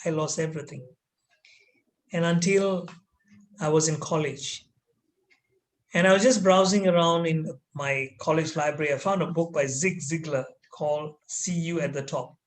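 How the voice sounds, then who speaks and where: A man telling a personal story as a trainer, animated and dramatic with hesitant fillers, over a video call. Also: fairly high pitch, normal speed, rough recording. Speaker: corporate trainer.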